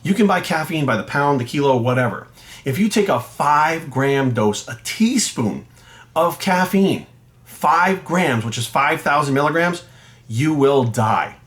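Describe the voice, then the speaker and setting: A middle-aged man, a fitness coach, telling a story to camera in a blunt, profane, animated rant. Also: fairly high pitch, measured pace. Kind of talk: ranting monologue to camera.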